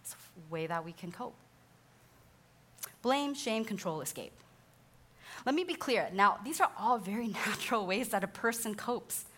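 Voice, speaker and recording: A woman in her thirties giving a sermon-style teaching talk as a counselor, animated and acting out the voices she quotes, often laughing. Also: medium pitch, normal speed, pauses often. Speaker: speaker, counselor.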